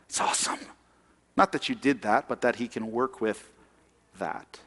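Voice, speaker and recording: A pastor preaches a sermon conversationally, asking the congregation questions in a medium-pitched, slightly bright voice. He speaks at normal speed with long pauses, and the sound carries a long reverb tail.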